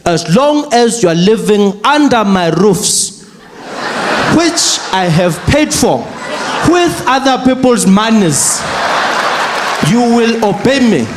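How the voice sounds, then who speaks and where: A man playing a gruff older president who scolds his daughter slowly. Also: very high-pitched, lively intonation, a crowd in the background, noisy background, full character voice. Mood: stern.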